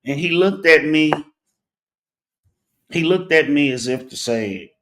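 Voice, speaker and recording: A middle-aged man hosting a talk show, telling a personal story in a deliberate way, pausing often and checking in with "right?". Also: on the high side, animated, a bit bright. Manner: deliberate, with pauses and rhetorical "right?". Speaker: host.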